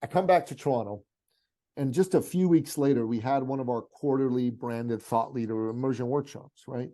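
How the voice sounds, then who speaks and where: A middle-aged man from Iran, a guest on a podcast interview, tells a story in an animated, heartfelt way, tossing in casual asides to the host. His voice is warm and mellow, sitting at an ordinary pitch for a man. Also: normal speed. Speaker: podcast guest, business coach.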